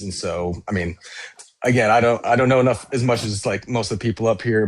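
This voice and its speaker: A man in a casual online discussion, talking haltingly with fillers and casual swearing. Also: on the low side, a little hiss or hum. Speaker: debate participant.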